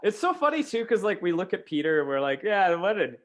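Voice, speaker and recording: A man's voice: sits high, very animated, quick pace, a bit bright. A young adult man, a former teacher, chatting casually on a podcast, rambling with many fillers and frequent laughs. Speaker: podcast co-host. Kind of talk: casual chat.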